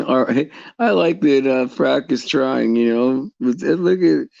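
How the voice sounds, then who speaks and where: Gravelly, dark-voiced man talking haltingly. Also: medium pitch, no echo, lo-fi sound. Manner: halting, repeats words, many restarts. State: tearful at times. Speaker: host. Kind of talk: casual faith talk to viewers.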